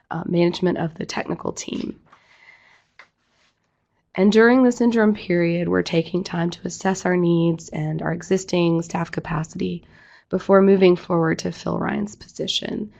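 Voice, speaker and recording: A woman executive director with a hoarse, croaky voice from losing it, giving a businesslike staff update with fillers. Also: lowish voice, darkish tone, lo-fi sound. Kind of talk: online presentation.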